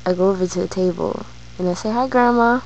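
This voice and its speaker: Woman vlogger telling a personal story, hesitant and halting, lowish voice. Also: monotone, creaky, mellow, slight background noise, rough recording. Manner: slow, hesitant, many fillers and restarts.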